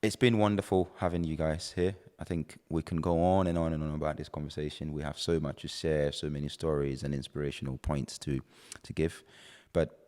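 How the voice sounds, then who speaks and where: A man's voice: very deep voice, steady tone, a little fast, hardly any pauses, darkish tone. A man hosting a podcast, talking in an earnest, reflective way. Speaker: podcast host. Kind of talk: casual chat. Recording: reverberant room.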